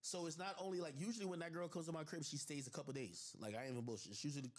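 A man on a livestream telling a personal story in an animated, profane way, addressing his viewers with lots of asides. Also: on the high side, rapid-fire. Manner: animated and profane, with constant "I'm like" asides to the audience. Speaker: livestream host.

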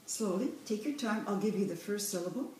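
A woman's voice: medium pitch, animated, fairly quick, a little mellow, a little hiss or hum. A woman tutoring a young reader one-on-one, patient and full of praise and encouragement. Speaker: reading tutor. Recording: echoey room, voice from far off.

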